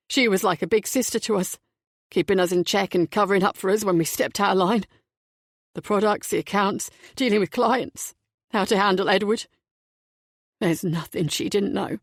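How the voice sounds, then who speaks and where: A woman's voice: mid-range voice, dry recording, lightly acted. A woman voicing a nervous, flustered young male company director who keeps apologizing, in a dry close audiobook recording. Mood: grieving. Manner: apologetic, shaken and hurried.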